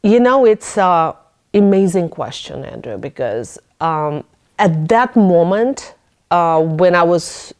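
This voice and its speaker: A woman's voice: on the low side, slow. A woman hosting a podcast in casual interview talk, telling stories with lots of animation and frequent laughs. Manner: animated storytelling, laughing often; acts out her own thoughts in a raised voice. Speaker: podcast host.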